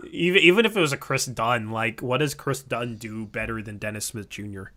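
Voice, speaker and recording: A man co-hosting a casual sports podcast, arguing his opinions at length with quick asides. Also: medium pitch, a bit bright. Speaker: podcast co-host.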